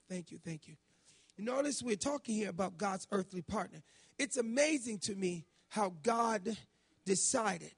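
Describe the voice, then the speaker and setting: A man with a raspy voice preaching a folksy, emphatic sermon in a church, reading scripture and praying aloud. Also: high voice. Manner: folksy, emphatic, builds to shouting in prayer. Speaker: guest preacher.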